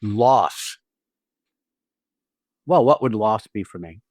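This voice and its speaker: A man co-hosts a podcast about acting, laying out technique in a blunt, profane, emphatic way, often restarting his phrases. His voice sits on the low side. The sound is dry and close, with no room around it. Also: animated, slow, a little mellow, no echo. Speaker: podcast co-host and acting teacher. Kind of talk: casual explanatory chat.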